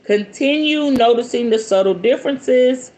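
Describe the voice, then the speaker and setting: This podcast host has a fairly high voice and speaks at normal speed. She reads from a book and keeps stopping for lively, playful asides.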